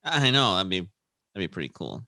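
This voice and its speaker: A man's voice: low voice, sing-song, moderate pace, sharp tone, dry recording. A man co-hosting a casual podcast, reading quotes aloud and laughing between them. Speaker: podcast co-host.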